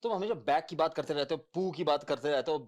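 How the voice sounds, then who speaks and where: Rapid bantering male co-host. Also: a little high, a little mellow. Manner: mock-exasperated, bantering. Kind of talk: casual comedy chat.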